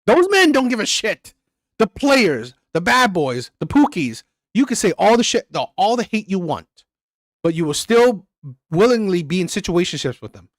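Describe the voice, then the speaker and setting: A man's voice: sits high, big pitch swings, moderate pace, dry recording, clean studio sound. A man hosting a reaction channel, ranting bluntly and crudely about a played clip. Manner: blunt, crude, repetitive and heated.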